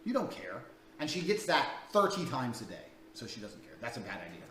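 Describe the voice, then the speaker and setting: A man's voice: mid-range voice, wildly swooping pitch, fairly quick, fairly bright tone, slight background noise. A man coaching in a crude, blunt, profane way, talking through a paid dating course. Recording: echoey room, distant mic, faint ambience.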